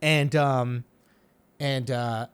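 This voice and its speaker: A man's voice: mid-range voice, fairly even intonation, very slow, clear, resonant tone. A man in his thirties hosting a comedy podcast, telling a story animatedly and swearing freely. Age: 30s. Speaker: podcast host.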